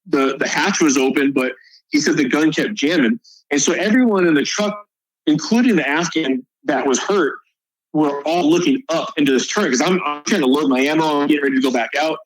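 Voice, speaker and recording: A man's voice: fairly high pitch, no room sound, poor audio. A male soldier guest on a podcast, telling a combat story in a casual, profane way.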